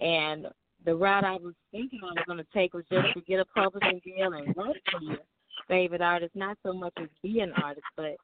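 A woman's voice: lowish voice, a little hiss or hum. A young woman from Memphis with a Southern accent, a singer and songwriter calling in to give easygoing, reflective interview answers. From Memphis, Tennessee. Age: young adult. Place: calling in from home. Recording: dry tinny phone line.

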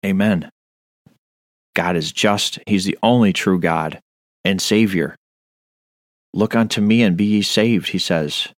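A man's voice: low voice, slow, pauses often, no echo, studio quality. A man preaching a Bible study on a radio show, earnest and stern, reading scripture aloud. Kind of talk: sermon-style Bible study.

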